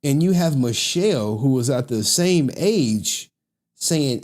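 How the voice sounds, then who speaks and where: A male streamer riffs in loose, slangy commentary, breaking into laughs often. His pitch leaps widely between lines. It feels like an unscripted late-night chat. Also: expressive, slow pace, darkish tone. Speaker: livestream host.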